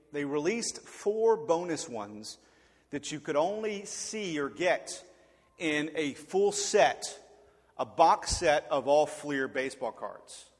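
A man in his forties preaching, telling a story in an animated, humorous way and acting out the voices. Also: on the high side, in a large hall. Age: 40s. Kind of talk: storytelling sermon.

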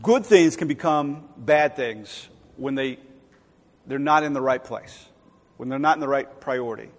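Speaking a little slowly in a mid-range voice, a male pastor delivers his sermon in a conversational manner, now and then performing the voices he quotes. The sound carries long hall reverb.

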